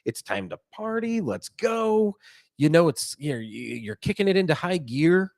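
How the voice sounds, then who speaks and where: A man's voice: fairly high pitch, big pitch swings, measured pace, gravelly, darkish tone, dry recording, clean studio sound. A man co-hosting a spirits tasting podcast, talking in a playful, rambling way. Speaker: podcast co-host. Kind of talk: casual chat.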